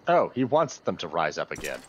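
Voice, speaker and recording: A man giving casual let's play commentary over a video game, chatty and amused and quick to laugh. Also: low voice, big pitch swings, a little hiss or hum, rough recording. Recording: game music in the background.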